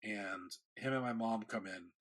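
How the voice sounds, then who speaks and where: A man's voice: on the low side, a little slow. A man in his thirties, a podcast host, telling a story in casual chat and acting out the quotes. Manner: animated storyteller, acts out quotes.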